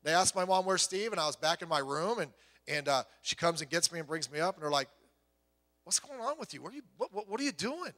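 Lively high-voiced man preaching in a hall. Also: quick pace. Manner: animated storytelling, acts out quoted voices, swings from loud to hushed. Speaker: pastor. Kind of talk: sermon. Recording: long hall reverb.

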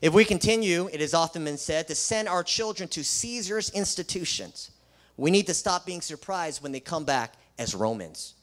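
A man's voice: sits high, lively intonation, normal speed. A man who is a Christian school principal, preaching an emphatic sermon full of rhetorical questions and sarcastic asides.

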